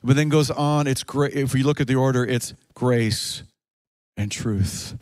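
A man preaching a sermon, moving between quick spoken stretches, slow drawn-out phrases and sudden shouted peaks. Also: mid-range voice, no echo. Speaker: pastor.

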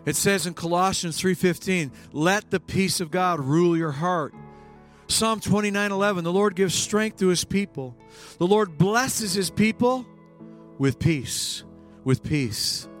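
A male pastor preaching a sermon, swinging between hushed lines and emphatic bursts. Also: high voice, moderate pace, faint music behind.

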